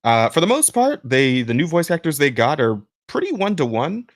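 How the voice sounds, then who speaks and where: A man hosting a podcast in casual chat with a smooth voice. He rambles with many restarts. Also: a little high, big pitch swings, normal speed, dry recording, clean studio sound. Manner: rambling, many restarts and fillers, laughs while talking. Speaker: podcast host.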